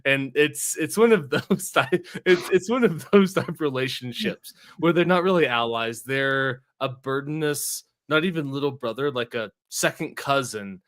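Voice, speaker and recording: A man's voice: mid-range voice, unhurried, few pauses, a bit bright. A man in casual podcast chat, telling jokes and stories between laughs. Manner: storytelling, laughing banter.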